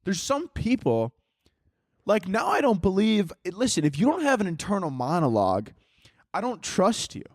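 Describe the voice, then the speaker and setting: A man's voice: high voice, huge pitch swings, moderate pace, no echo, clean studio sound. A man hosting his own podcast, rambling through tangents in a jokey, profane, casual way while holding a microphone. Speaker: podcast host. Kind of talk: casual solo podcast chat. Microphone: handheld microphone.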